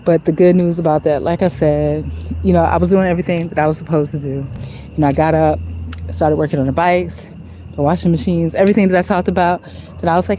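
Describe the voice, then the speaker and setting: A woman's voice: low voice, steady tone, fast, dark tone, a little hiss or hum, rough recording. A woman talking to her phone while walking outdoors at night, in a reflective, conversational way full of "you know". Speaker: vlogger. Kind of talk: casual walk-and-talk monologue.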